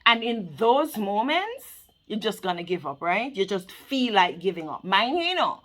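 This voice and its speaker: A woman's voice: medium pitch, very animated, moderate pace, fairly bright tone. A woman hosting her own channel, speaking straight to the camera in an earnest, preachy motivational talk about faith, and laughing often. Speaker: channel host.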